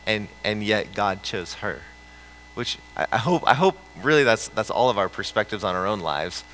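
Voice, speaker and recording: Middle-aged man, pastor, low-ish bright voice, animated storytelling sermon, faint hum. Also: moderate pace, rough recording. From central United States. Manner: animated storytelling with frequent restarts and laughs. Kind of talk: conversational sermon.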